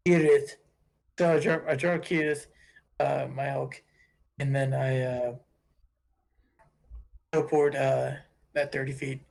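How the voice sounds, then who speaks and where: A man taking part as a player in a tabletop game, asking halting questions about what he can do. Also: medium pitch, little pitch movement, gravelly, darkish tone. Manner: halting, asks rules questions. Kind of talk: casual tabletop play.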